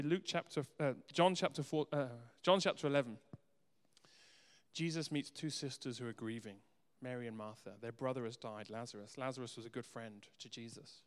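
Man, pastor, sermon, earnest, soft asides, emphatic rises, mid pitch, long hall echo.

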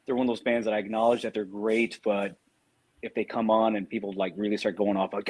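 Husky, dry-witted male co-host. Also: on the low side, flat delivery, fast, darkish tone. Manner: dry, sardonic asides. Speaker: podcast co-host. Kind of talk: casual football podcast chat.

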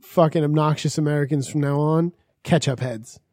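A man's voice: on the high side, steady tone, moderate pace, a little mellow, no room sound, studio quality. A man co-hosting a podcast in casual chat, telling stories, laughing often and swearing. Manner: storytelling, laughs often, profane. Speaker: podcast co-host.

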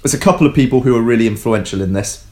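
A man's voice: medium pitch, racing. A man co-hosting a casual science podcast, explaining things loosely with jokes and many ums. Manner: relaxed, joking, many ums and restarts.

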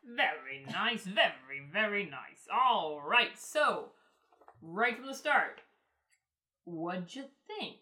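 Bright, rambling female podcast host. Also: medium pitch, slow, faint music behind. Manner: rambling, excitable, full of fillers. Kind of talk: casual chat.

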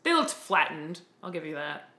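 A woman's voice: deep voice, big pitch swings, normal speed, bright, forceful tone. A woman co-hosting a podcast, recapping a TV episode in a dry, wry, chatty way. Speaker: podcast co-host. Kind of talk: casual recap chat. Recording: roomy echo.

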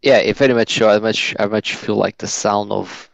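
Man, casual hesitant talk, gravelly, lo-fi sound. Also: on the low side, fairly even intonation, moderate pace, no room sound. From Portugal. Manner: hesitant, many restarts. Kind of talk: casual chat. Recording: dull lo-fi sound.

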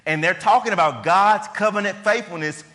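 A man's voice: high-pitched, brisk, sharp tone. A man preaching a sermon, emphatic and conversational, asking his listeners questions. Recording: long hall reverb.

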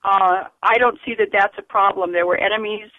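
A woman phones in to a talk radio show to make her point, speaking earnestly and emphatically while pausing often on fillers. Her voice comes through a narrow, tinny telephone line, dry with no room sound, at a middle pitch. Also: steady tone, no echo. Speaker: caller. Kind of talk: call-in radio comment.

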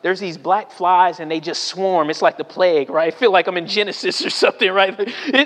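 High-voiced pastor telling stories in a reverberant hall. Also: male voice, a little fast, hardly any pauses, fairly bright tone. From Southern California. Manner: storytelling with frequent "right?" asides and acted-out quotes. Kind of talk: sermon. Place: church sanctuary.

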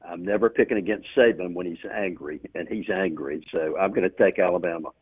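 A man calling in as a guest on a radio sports show, giving measured picks with hesitant fillers over the phone. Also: low voice, breathy edge. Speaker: guest on call-in. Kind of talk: casual radio chat. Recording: tinny phone line.

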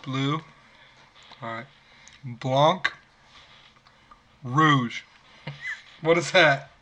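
A man's voice: mid-range voice, drawn-out words, pushed and bright. A man hosting a casual podcast chat, firing off curious questions and laughing often. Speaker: podcast host.

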